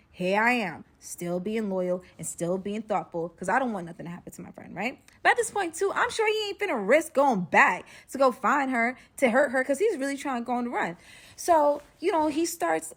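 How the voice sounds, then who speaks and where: A young woman telling a personal story in a casual, slangy, animated way, acting out the dialogue as she goes. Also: fairly high pitch, a little fast.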